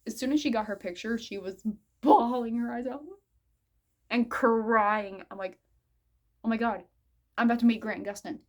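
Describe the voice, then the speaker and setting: A woman in her mid-twenties telling a story in a casual vlog. She is giggly and excitable, laughs often, and rambles with lots of "I'm like" asides. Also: fairly high pitch, normal speed, pauses often. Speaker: vlogger.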